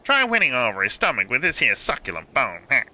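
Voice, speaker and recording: A man voicing a cocky female smuggler in a put-on gangster accent, louder than his usual voice. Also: medium pitch, wildly swooping pitch, fairly quick, heavily acted. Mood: sly. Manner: put-on gangster accent, drops g's and says 'me' for 'my'. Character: cocky female jackal smuggler, wheedling crook.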